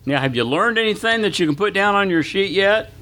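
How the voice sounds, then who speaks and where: A man's voice: high voice, lively intonation, fairly quick, pushed and bright. Folksy older male pastor teaching a class. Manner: folksy, asks the audience questions, tells anecdotes. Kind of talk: interactive Bible class teaching.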